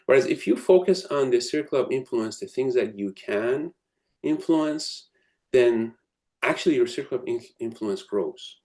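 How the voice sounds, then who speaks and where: A man's voice: mid-range voice, lively intonation, moderate pace, a little mellow. A man giving a reflective advice talk to students, full of ums and restarts. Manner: thoughtful, many ums and restarts. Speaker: academic speaking to students. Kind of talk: advice lecture with storytelling.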